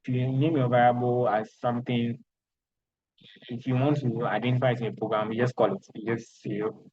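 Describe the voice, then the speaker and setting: A man with a Ghanaian accent teaching programming in an online lecture, talking in a halting way with many restarts and repeated words. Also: medium pitch, a little mellow, slight background noise. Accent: Ghanaian English. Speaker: programming instructor. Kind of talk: online lecture with screen sharing. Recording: dull lo-fi online call audio.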